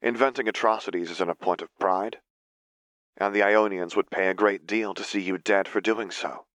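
A man reading the lines of a wary, masked young woman mage in a fan fiction audiobook, speaking flatly and bluntly. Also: on the low side, normal speed, no room sound, close to an everyday voice. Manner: flat, blunt. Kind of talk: audiobook character voice.

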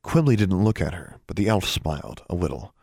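A man narrating a story in a steady, measured way. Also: low voice, gravelly, no echo, studio quality. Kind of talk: audiobook narration.

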